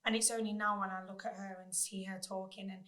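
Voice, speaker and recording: A woman's voice: medium pitch, fast talker. A young woman, a mother, talking candidly and reflectively in a casual podcast chat. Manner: candid, reflective, flat-toned. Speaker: podcast guest.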